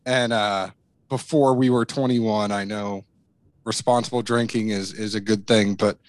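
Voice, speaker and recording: A man's voice: fairly low pitch, steady tone, a little slow, no echo. A man from Massachusetts with a mixed, faintly New England accent, telling stories as a podcast guest in casual interview chat with self-deprecating humor. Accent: mixed, faint Massachusetts trace. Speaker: podcast guest, bourbon content creator.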